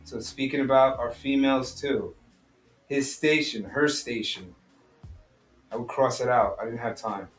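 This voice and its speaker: A man's voice: mid-range voice, a little fast, few pauses, soft background music. A man teaching an online study group. He reads a text aloud line by line, explains each part in plain talk, and asks his listeners direct questions.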